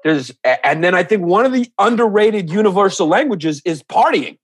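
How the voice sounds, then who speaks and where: A man's voice: high voice, normal speed, breathy edge, dry recording. A man guest on a podcast, telling comic stories and ranting crudely in casual chat. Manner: animated, crude comedic rants. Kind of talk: comedic storytelling in casual chat.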